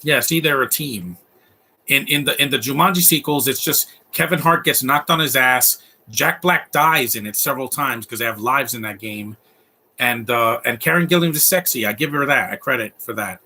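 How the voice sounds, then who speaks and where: A man's voice: mid-range voice, normal speed, bright, forceful tone. A man giving casual live commentary over a movie, rambling and laughing often. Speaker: film commentator.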